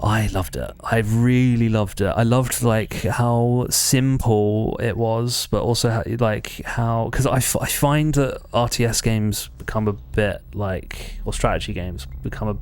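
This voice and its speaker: A man's voice: fairly low pitch, a little slow, few pauses, darkish tone, smooth, no room sound. A man streaming a game, chatting casually in a rambling, self-correcting way. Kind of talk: casual let's-play chat.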